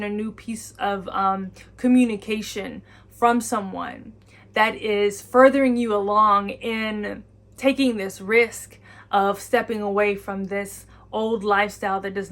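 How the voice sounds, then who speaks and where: A woman speaking an intuitive channeling message to her viewers. She talks earnestly and encouragingly at a middle pitch, circling back to the same phrases again and again. She often slips into the listener's own imagined voice.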